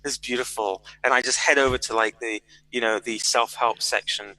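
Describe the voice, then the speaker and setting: A man talking in a loose, animated way as a podcast guest. His voice is very bright and forward, and he tumbles through stories with lots of fillers and restarts. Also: mid-range voice, brisk, rough recording. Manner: animated storyteller, fillers and repeated words. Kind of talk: casual interview chat.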